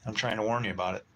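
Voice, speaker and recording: A man's voice: lowish voice, bright, forceful tone, a little hiss or hum, low-quality recording. A man in his sixties hosting a casual livestream, telling long rambling stories in a blunt, swearing way and muttering asides. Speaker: livestream host.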